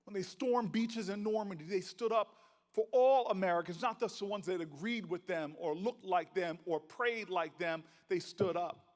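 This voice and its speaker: In a large conference hall thick with long reverb, a senator gives a stirring keynote built on rhythm, repetition and folksy storytelling. His voice is high-pitched and his speed normal.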